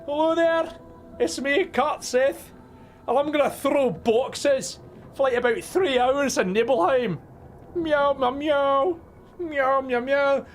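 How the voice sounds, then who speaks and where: A man voicing a cheerful male talking cat, squeaky and shrill, meowing between exclamations. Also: slow pace, a little hiss or hum. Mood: squeaky excited.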